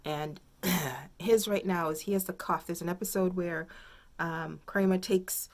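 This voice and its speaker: A woman's voice: lowish voice, steady tone, a little slow. A woman hosting a crafting video podcast from home, chatting casually and thinking aloud, rambling with many fillers. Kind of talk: casual chat.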